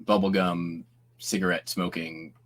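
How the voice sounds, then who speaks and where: Rambling lower-voiced male stream host. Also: little pitch movement, unhurried, a bit bright. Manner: rambling, self-interrupting, laughs often. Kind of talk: casual live-stream chat.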